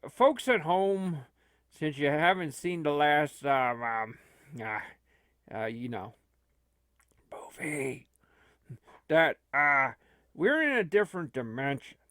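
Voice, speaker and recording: Man as a frantic old man, stammering and rambling, lively up-and-down pitch, dry close sound, amateur comedy. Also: slow pace, pauses often, no room sound, full character voice. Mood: explaining. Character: frantic old man fleeing strange dimension. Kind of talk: amateur comedy movie acting.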